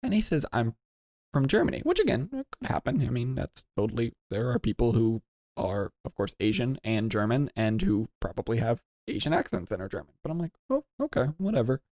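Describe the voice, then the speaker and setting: A man co-hosting a podcast, telling a long story in a rambling, animated way and jumping into high voices when quoting people. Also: fairly quick, no room sound, studio quality. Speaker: podcast co-host. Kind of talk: casual storytelling.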